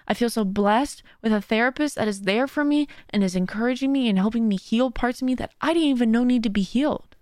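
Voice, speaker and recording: In a studio-quality recording without echo, a woman with a slightly high voice hosts her own podcast. As a host and streamer, she gives a casual, heartfelt motivational monologue of earnest, faith-driven encouragement.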